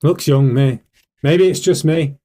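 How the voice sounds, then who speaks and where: A British man with a fairly high, mellow voice speaks unhurriedly while hosting a casual livestream. His style is hyped and rhetorical, and he keeps throwing questions at his viewers while pushing the pace.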